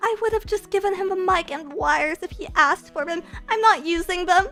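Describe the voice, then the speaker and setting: A woman VTuber streamer from Canada ranting melodramatically, with crude jokes, mock sobbing and shouted outbursts. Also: very high-pitched, normal speed, few pauses, soft background music. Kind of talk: comedic streaming rant.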